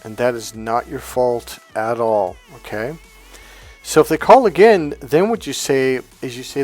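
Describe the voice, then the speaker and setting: A man's voice: mid-range voice, animated, unhurried, soft background music. Blunt, swearing male coach. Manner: emphatic and blunt, swears casually. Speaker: motivational coach. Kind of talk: motivational talk to camera.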